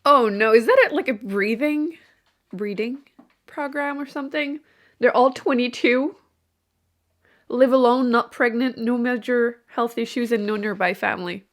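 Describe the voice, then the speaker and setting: A woman's voice: fairly high pitch, unhurried. Giggly, chatty woman book vlogger. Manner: chatty, giggly, self-deprecating. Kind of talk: casual reading vlog chat. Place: indoor room at home. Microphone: microphone.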